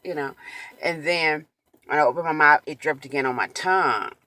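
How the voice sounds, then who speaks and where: A woman telling an emotional personal story in a vlog, animated and full of quoted exclamations. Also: deep voice, moderate pace, no room sound. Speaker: vlogger.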